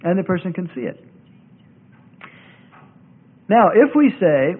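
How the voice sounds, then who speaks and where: Bible teacher, male, high voice, insistent and repetitive, narrow phone-like old tape. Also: very animated, moderate pace, vocal fry, long pauses, breathy edge. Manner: argumentative, repeats points for emphasis. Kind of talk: classroom lecture.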